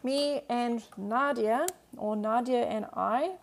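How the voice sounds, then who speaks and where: Lady language teacher on a live stream, kinda high voice with some vocal fry, explains patiently, lots of um and like. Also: slow pace, slight background noise. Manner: answers viewer questions.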